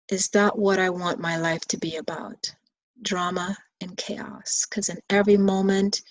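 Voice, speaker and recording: Woman meditation teacher, slow level delivery, soothing bedtime guidance, dry close sound. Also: fairly low pitch, no room sound, rough recording. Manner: slow, soothing, repetitive phrasing. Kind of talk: guided bedtime reflection.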